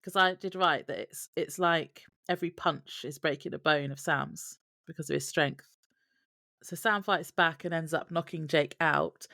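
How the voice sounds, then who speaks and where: A podcast co-host with a low, gravelly, slightly bright voice works through her notes to summarize what happened in an episode. The chat is casual, and she drops in wry asides along the way.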